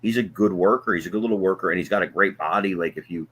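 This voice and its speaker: A man's voice: low voice, quick pace, fairly bright tone, husky. A man with a New Jersey accent, a former wrestling promoter co-hosting a casual chat show, rambling through stories with lots of fillers. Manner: rambling storyteller, frequent fillers. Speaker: wrestling promoter and podcast co-host.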